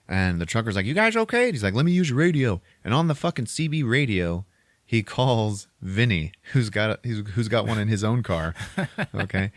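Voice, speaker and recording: Profane, rambling low-voiced podcast host. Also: male voice, dry recording. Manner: profane and rambling, lots of filler. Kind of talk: casual movie recap chat.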